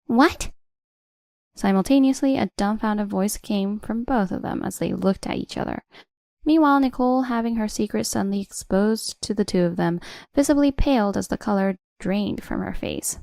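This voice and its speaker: A woman narrates a first-person family drama in a cool, steady manner. Her voice has a gravelly, creaky texture and sits in the middle of the pitch range. She was recorded on a close mic in a dry room. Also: normal speed, no room sound.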